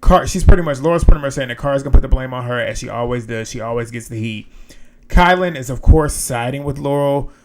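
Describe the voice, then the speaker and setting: A man's voice: medium pitch, fast talker. A man giving casual, frank commentary as host of a reality TV recap, blunt and sometimes profane.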